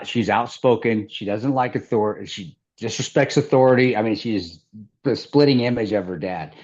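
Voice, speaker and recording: A man's voice: on the low side, a little mellow, dull audio. A middle-aged man from the American Midwest, telling a story as an interview guest, rambling with restarts and laughter. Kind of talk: casual storytelling.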